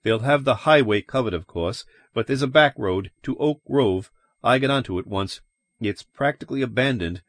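A man's voice: medium pitch, moderate pace, fairly bright tone, no room sound, clean studio sound, natural voice. A man doing a tense, urgent husband. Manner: urgent, insistent, commanding. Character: tense, urgent middle-aged husband and father. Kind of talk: audiobook character voice.

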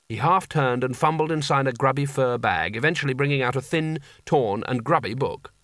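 A man narrating a comic fantasy novel aloud with wry, expressive storytelling. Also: mid-range voice, brisk, hardly any pauses, no echo, clean studio sound. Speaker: audiobook narrator.

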